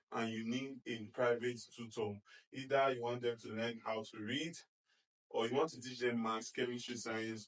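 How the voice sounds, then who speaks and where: Man sounding out phonics slowly. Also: mid-range voice, recorded from a distance, poor audio. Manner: sounds out letters slowly, praises often with "fantastic"; checks in with repeated "okay?" and "do you understand?". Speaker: reading teacher. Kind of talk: phonics lesson.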